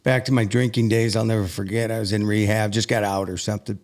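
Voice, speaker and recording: A man's voice: lowish voice, flat delivery, fast talker, a little mellow. Earnest man telling a personal story. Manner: earnest and emotional, with frequent restarts. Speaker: podcast guest.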